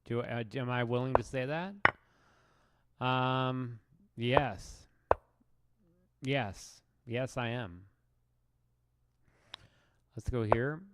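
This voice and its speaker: Streaming his chess games, a man gives casual live commentary on the moves, wry, rambling and self-mocking. His medium-pitched voice draws out words and leaves long pauses, and there is loud background noise.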